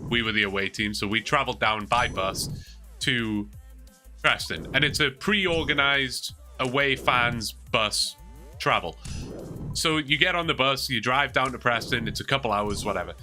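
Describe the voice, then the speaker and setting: A man's voice: medium pitch, moderate pace, sharp tone, faint music behind. A young man with a Geordie accent, chatting casually to his livestream viewers and rambling through stories with lots of fillers. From Newcastle, England. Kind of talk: casual chat to stream viewers.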